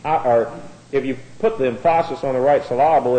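A man's voice: mid-range voice, fairly quick, dark tone. A man preaching a Bible-teaching sermon in a conversational way, often repeating words as he starts a phrase. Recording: echoey room.

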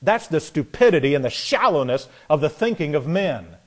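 A man preaching with a fairly high voice for a man. His delivery is folksy and sarcastic, and he slips into the voices of imagined people to make his point. His volume rises sharply when he drives a line home. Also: very animated, moderate pace. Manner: folksy and sarcastic, rising loud on punchlines. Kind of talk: sermon.

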